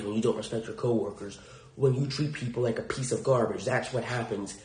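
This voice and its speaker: A man's voice: medium pitch, dark tone. Blunt, swearing man in a roomy space. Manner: blunt, frequent swearing, indignant. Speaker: podcast host. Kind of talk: solo podcast monologue. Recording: roomy echo.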